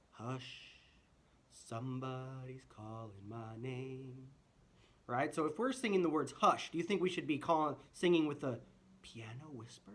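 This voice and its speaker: A man's voice: on the high side, a bit bright. A man teaching a children's music lesson, friendly and full of rhetorical questions, singing short phrases to demonstrate.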